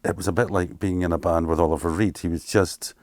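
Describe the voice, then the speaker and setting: A man's voice: low voice, fast talker, dry recording, clean studio sound. A Scottish man in his fifties, a keyboard player telling candid stories in an interview and acting out what people said. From Scotland. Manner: candid, animated anecdotes with acted-out quotes and swearing. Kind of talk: casual storytelling interview.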